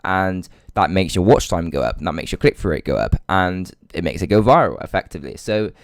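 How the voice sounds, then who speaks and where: A man's voice: sits low, expressive, a little fast, vocal fry, no room sound, clean studio sound. A young man walking viewers through a screen-share tutorial in a chatty, hyped way, often saying "guys" and "right?". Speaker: online money-making tutor. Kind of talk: casual screen-share walkthrough.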